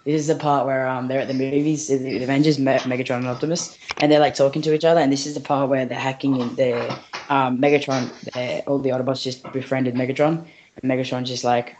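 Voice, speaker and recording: A man's voice: mid-range voice, level tone, quick pace, a little mellow, a little hiss or hum. A man casually retelling a funny video to friends, rambling and leaning on "he's just like".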